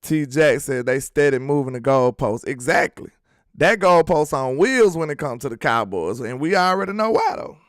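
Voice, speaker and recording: On a casual sports livestream, a host with a medium-pitched, expressive voice talks at a moderate pace, riffing on viewer comments in loud, slangy bursts because he's so worked up about his team. The sound is dry and studio grade.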